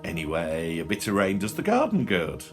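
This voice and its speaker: A man's voice: low voice, huge pitch swings, normal speed, over music, full character voice. A man voicing a bland middle-aged grocer who drones on cheerfully about the weather. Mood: chirpy. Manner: cheerfully droning small talk.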